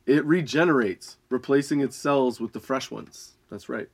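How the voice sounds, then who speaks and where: A young adult man, high and laughing often, reading odd facts and ranting with a lot of swearing. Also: brisk, few pauses. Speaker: podcast host. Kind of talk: casual stoned rant.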